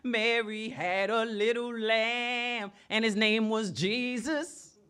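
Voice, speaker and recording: A woman's voice: fairly high pitch, fairly even intonation, sharp tone, clear, resonant tone, faint music behind, pitched above the performer's own voice. A woman playing a cheerful street preacher who teaches children through nursery rhymes. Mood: preachy. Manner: slow, sing-song preaching.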